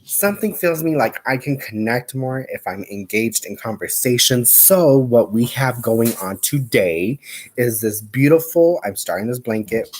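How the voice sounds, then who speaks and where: A man hosting a casual crochet livestream, chatty and sassy, with playful asides and a lively, swooping delivery. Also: medium pitch, measured pace.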